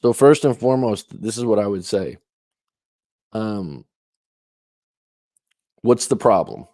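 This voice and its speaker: A man's voice: lowish voice, animated, slow pace, mellow, dry recording, studio quality. A man giving relationship advice as a coach, talking emphatically with lots of rhetorical questions. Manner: emphatic, rhetorical questions, acts out quoted lines. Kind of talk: advice talk reacting to questions.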